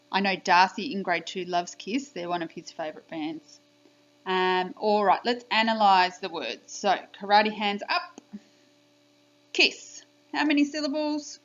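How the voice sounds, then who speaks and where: A woman teaching a spelling lesson to young children on video, speaking slowly and clearly in an encouraging, sing-song teacher manner. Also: mid-range voice. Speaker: primary school teacher. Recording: dull lo-fi home video audio.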